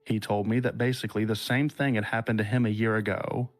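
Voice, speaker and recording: Man reading a horror story, unhurried. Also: fairly low pitch, level tone, faint music behind. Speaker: podcast host. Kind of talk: reading a listener's horror story aloud, then casual chat.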